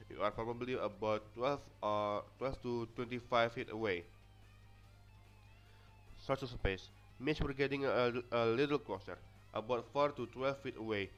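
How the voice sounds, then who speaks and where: On a dull, lo-fi recording, a young man whose first language is Indonesian presents to his class, reading notes with many stumbles and restarts. His voice sits in the mid range with a fairly bright tone and an Indonesian accent.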